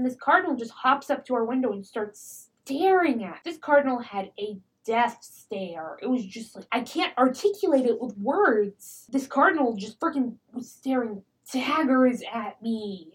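A woman's voice: on the high side, rough recording. A woman hosting a podcast, talking without a script in a chatty, rambling storytelling way into a microphone. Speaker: podcast host. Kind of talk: unscripted casual podcast monologue.

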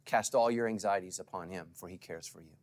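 A man's voice: low-pitched, a little fast. Dynamic preaching man. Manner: dramatic swings from loud calls to hushed asides; preaching to a live congregation with call-and-response. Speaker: pastor. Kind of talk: sermon.

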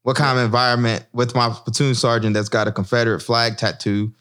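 A former Marine officer speaking in an impassioned discussion, emphatic, with a lively swinging pitch and frequent checks of "right?" and "you know?". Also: male voice, brisk.

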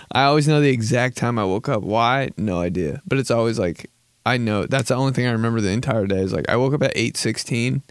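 A young guy in an even middle register tells loose, comic stories about his day, with lots of filler and swearing. His delivery is casual and self-deprecating, and the recording is close and dry with no room sound. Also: mid-range voice, a little fast, clean tone, dry recording. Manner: rambling, profane, self-mocking, full of "like" and laughter. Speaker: podcast host. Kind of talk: casual comedic storytelling.

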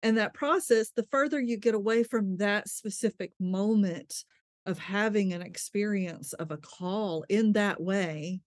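A woman's voice: medium pitch, a little slow, dry recording. A woman speaks as an interview guest, telling her story openly. She laughs easily and trails off to restart her thoughts. The recording is dry and close. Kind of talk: candid conversational storytelling.

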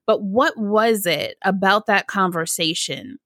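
A woman hosting a podcast interview, asking reflective questions with animated, spiritual asides. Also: mid-range voice, measured pace, dry recording, studio quality. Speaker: podcast host.

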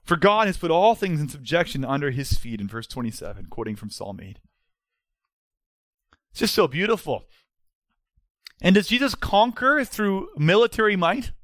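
A man's voice: a little high, sing-song, moderate pace, pauses often, fairly bright tone, no room sound. A man, preaching a sermon as pastor in an earnest, emphatic way.

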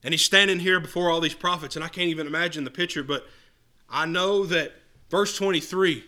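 A man's voice: fairly high pitch, steady tone, a little fast, pushed and bright. A man preaching an earnest sermon, reading scripture aloud and often restarting his words.

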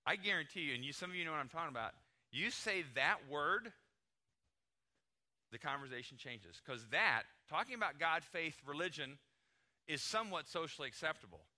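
A man's voice: on the high side, sing-song, fairly quick, sharp tone. A middle-aged American man preaching a sermon in a conversational, emphatic way, acting out short everyday dialogues. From United States. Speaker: pastor.

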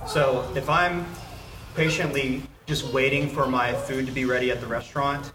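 A man explains a point during a class discussion, talking carefully with casual fillers. He sits away from the mic, so his voice carries the echo of the room. Steady room noise runs underneath. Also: medium pitch, normal speed, recorded from a distance. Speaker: class member. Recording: echoey room, heard from afar.

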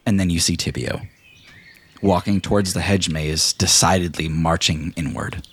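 A man narrating a tabletop game as game master, animated and playful. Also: low voice, breathy edge. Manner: animated, laughing narration with quick character voices.

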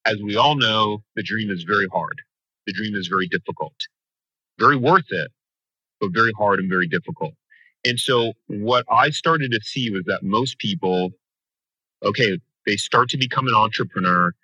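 A man with a lower voice speaks as a franchise coach in a podcast interview. His delivery is energetic and emphatic, with a sharp, forceful edge and a dry, close sound. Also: moderate pace, no room sound, highs cut off.

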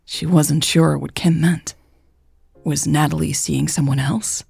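A woman narrating romance fiction in a measured, even storytelling voice. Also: deep voice, vocal fry, slightly rough, no echo. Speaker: podcast author and narrator.

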